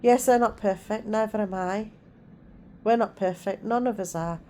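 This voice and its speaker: Calm-voiced middle-aged woman chatting. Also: medium pitch, normal speed, a little hiss or hum. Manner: calm, soothing way of talking. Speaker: vlogger and mother. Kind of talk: casual chat vlog. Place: at home.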